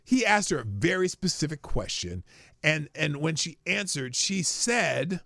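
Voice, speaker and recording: Gravelly, profane livestream host. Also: male voice, on the high side, sing-song, a little slow, sharp tone, dry recording, clean studio sound. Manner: profane, flippant and rambling. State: tired, yawning. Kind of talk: casual livestream commentary and Q&A.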